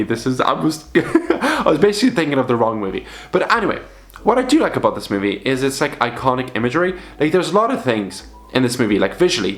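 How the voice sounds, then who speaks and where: A young man chatting casually to camera, rambling and swearing freely as he talks about old horror films. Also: medium pitch. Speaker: video creator reviewing films. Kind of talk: casual vlog commentary.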